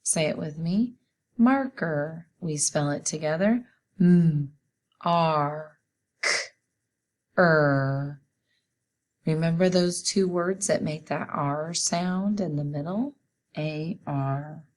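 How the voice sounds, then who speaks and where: A woman teacher giving a spelling lesson for children, sounding out each letter slowly and patiently. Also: low-pitched, a little mellow.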